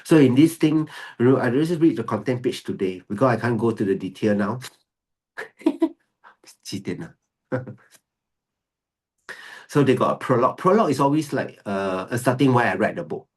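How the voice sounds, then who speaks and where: A man's voice: mid-range voice, animated, normal speed, a little mellow. A male Buddhist monk giving a dharma teaching, repeating key phrases for emphasis and slipping Mandarin phrases into his English. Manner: mixes English with Mandarin phrases, laughs often.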